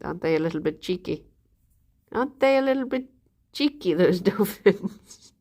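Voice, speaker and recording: A woman's voice: fairly low pitch, expressive, moderate pace, darkish tone. A woman chatting casually on a live stream, rambling and giggling between fillers.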